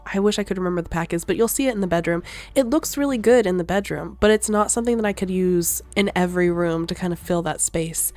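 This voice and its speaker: A woman's voice: on the low side, fast, a little mellow. A young woman chatting casually over gameplay footage, rambling, trailing off and laughing often as she talks through what she made. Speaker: gaming vlogger.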